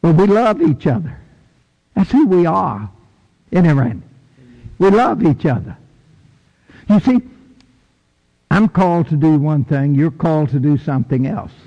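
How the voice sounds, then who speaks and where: A man preaching a sermon in a church, folksy and emphatic, with sudden high bursts for stress. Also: big pitch swings, a little slow, long pauses, dark tone, muffled recording. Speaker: pastor. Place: church sanctuary. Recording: long echo of a big hall.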